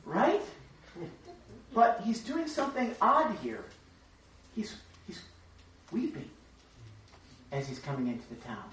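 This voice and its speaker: A man leading a group Bible study, teaching excitedly and acting out voices of the crowd as he goes. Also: high voice. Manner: excitable, acts out crowd voices, talks fast in bursts. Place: room with a small study group. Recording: echoey room, distant mic, dull lo-fi sound.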